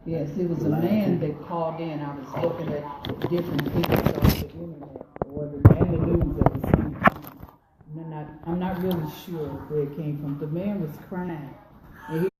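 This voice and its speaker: A woman's voice: low-pitched, fairly even intonation, moderate pace. A woman in a studio audience giving an earnest, slightly hesitant account. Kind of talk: casual spoken account. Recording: echoey room with clear noise.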